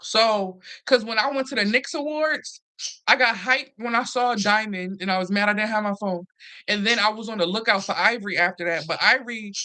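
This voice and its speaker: A woman hosting a casual, animated recap chat, swearing freely and acting out what others said. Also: medium pitch. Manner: animated, profane, acts out quotes. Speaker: host.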